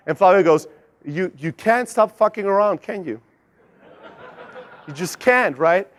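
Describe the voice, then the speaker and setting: A young man speaking at a conference, telling a lively sales story, swearing freely and acting out the other people's lines. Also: high-pitched. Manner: animated, swears, acts out quoted voices. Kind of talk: energetic storytelling talk. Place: conference stage.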